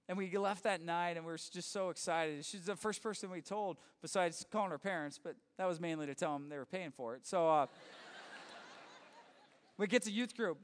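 A man, a youth pastor, telling a personal story in a conversational, halting way, often restarting and acting out the quoted dialogue. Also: a little high. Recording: reverberant hall.

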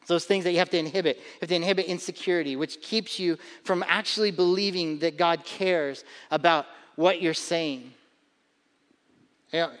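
In a spacious hall full of long reverb, a male pastor with a bright, high voice preaches to his flock. He speaks casually and conversationally, stressing his main ideas forcefully and repeating words along the way.

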